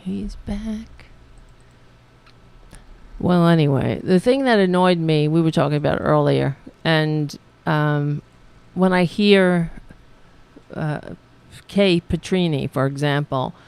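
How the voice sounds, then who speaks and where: A woman hosting a live-streamed show, chatting in a rambling, halting way, laughing and thanking viewers. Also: low-pitched, gravelly, a little mellow, clean tone. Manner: rambling, halting, laughs often, talks to her cats. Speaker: podcast host reading viewer comments. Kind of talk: casual live-stream chat.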